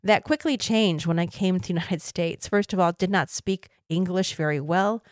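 Woman, 50s, reflective personal storytelling, fairly low voice, dry recording. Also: moderate pace, no echo. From Taiwan. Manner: earnest, reflective, with light laughs. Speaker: podcast host.

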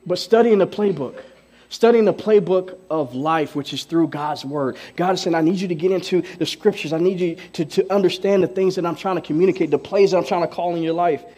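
Animated young man preaching casually. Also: on the high side, fast, few pauses. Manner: animated, joking storyteller with slang, acts out dialogues. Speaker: pastor. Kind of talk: casual sermon.

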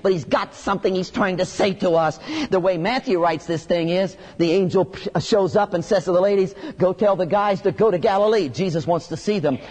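A man preaching an expository sermon in a lively, conversational way, with sudden emphatic bursts. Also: high-pitched, long reverb tail.

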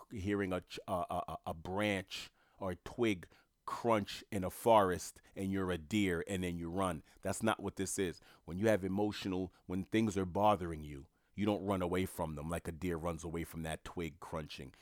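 A man's voice: low voice, dry recording, studio quality. A man delivering a motivational monologue, emphatic and repetitive, in a coaching tone. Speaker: motivational speaker.

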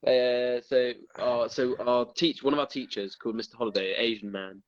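A man's voice: mid-range voice, fairly even intonation, normal speed. A young man telling a story in casual podcast chat, rambling and swearing freely. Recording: dull dry lo-fi audio.

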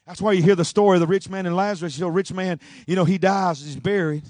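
A pastor preaching a sermon, swinging between shouting and a low, rhythmic delivery. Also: male voice, fairly even intonation, fast talker, no echo.

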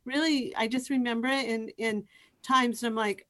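A woman's voice: fairly high pitch, moderate pace. Chatty middle-aged woman telling stories. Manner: lively storyteller with many false starts. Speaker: professor and youth program director, guest. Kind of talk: conversational interview storytelling.

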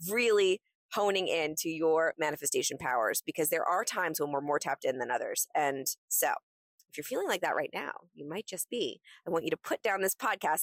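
A woman's voice: sits low, dry recording. A young adult woman hosting a motivational podcast, talking in a breezy, enthusiastic and encouraging way into a close microphone. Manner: enthusiastic, breezy and encouraging, acts out excited quotes. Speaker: podcast host.

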